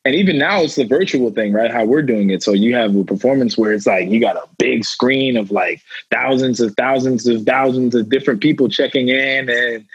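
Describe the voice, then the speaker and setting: A young man with a husky, grainy voice rambles casually and circles back over his own phrases. The sound is dry and close, with a dull, lo-fi edge from a remote call. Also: medium pitch, a little fast, few pauses, no echo. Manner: loose, rambling, repeats himself. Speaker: guest athlete and rapper. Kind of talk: casual interview talk.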